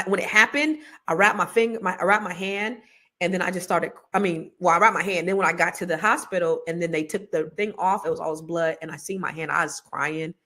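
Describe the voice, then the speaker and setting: A middle-aged woman talks straight to her livestream viewers in a casual, rambling way, drifting into slangy, self-mocking asides. Her voice sits a little low for a woman. She keeps circling back to a money-course pitch with easy, loose confidence. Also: bright, forceful tone. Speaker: host selling a money course.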